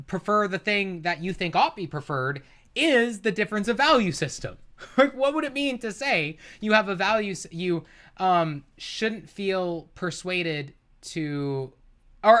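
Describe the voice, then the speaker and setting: A man livestreams his reaction to a debate clip, arguing back profanely and with exasperation, laughing at times. His voice sits high and sounds pushed and bright, with lively intonation at a normal speed.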